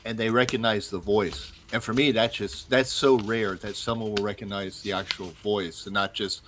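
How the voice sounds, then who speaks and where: A man, a paranormal investigator, in casual conversation, relaxed and telling stories. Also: lowish voice, moderate pace, background noise. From South Florida. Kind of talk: casual chat.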